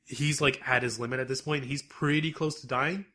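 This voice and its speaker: A man co-hosting a podcast, recapping anime episodes in casual, animated chat and laughing often. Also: medium pitch, normal speed. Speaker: podcast co-host.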